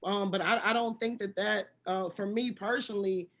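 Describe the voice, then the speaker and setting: A woman speaking as a panelist in a discussion, halting and searching for her words. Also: medium pitch, fairly even intonation, fairly bright tone.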